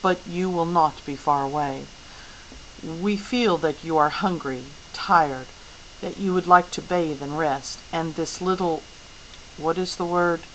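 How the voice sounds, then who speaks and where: A woman reading a novel aloud voices a gentle, grave alien beast who speaks slowly and calmly. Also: low-pitched, a little hiss or hum, rough recording. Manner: slow, measured and calm.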